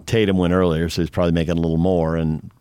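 A man's voice: sits low, level tone, very fast, warm tone, smooth, no room sound. A man co-hosting sports talk, chatty and explanatory, laughing easily between points. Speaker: sports radio co-host.

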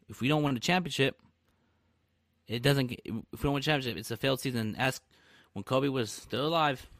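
A man hosts a casual live-stream talk show, all brash, animated trash talk. His voice sits at a medium pitch. The sound is dry and close to the mic, with no room echo. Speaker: podcast host.

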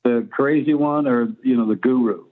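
A man's voice: mid-range voice, normal speed. Older male guest in his sixties, blunt and salty anecdotes, heard over a thin phone line. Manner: blunt, profane anecdotes with acted-out quotes. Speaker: guest, former pro quarterback. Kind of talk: storytelling interview.

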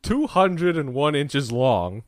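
A man's voice: on the high side, big pitch swings, slow, no echo. A man co-hosting a podcast, chatting casually with dry joking asides. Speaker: podcast co-host. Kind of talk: casual chat.

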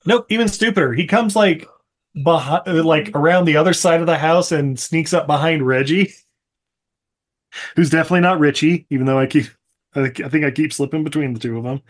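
A man's voice: on the high side, fairly quick. A man co-hosting a podcast, recapping a movie in a rambling, profane way full of fillers and laughter. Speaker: podcast co-host. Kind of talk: casual movie recap chat.

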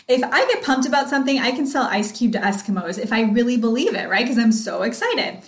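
A woman in her thirties, hosting a podcast and coaching on sales in an excited, chatty way, talking straight to her listeners. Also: fairly high pitch, brisk, echoey room. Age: 30s. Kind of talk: casual motivational talk.

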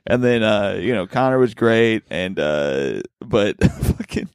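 Low-voiced man hosting a loose chat. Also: lively intonation, slow, smooth, no room sound, studio quality. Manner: loose, rambling, swears often. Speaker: podcast host. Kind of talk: casual chat.

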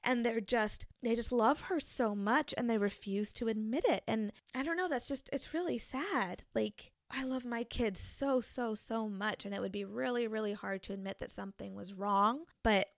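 A woman's voice: a little high, moderate pace, vocal fry, hardly any pauses, no echo, studio quality. A woman co-hosting a podcast, telling a true-crime case in a casual, conversational way with fillers and restarts. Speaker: podcast co-host.

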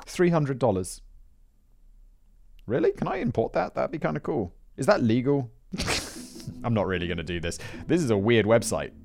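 A man's voice: medium pitch, huge pitch swings, normal speed, vocal fry, long pauses, a little mellow, no echo, studio quality, soft background music. A man presenting a scripted narration, often breaking off into chatty, self-deprecating tangents.

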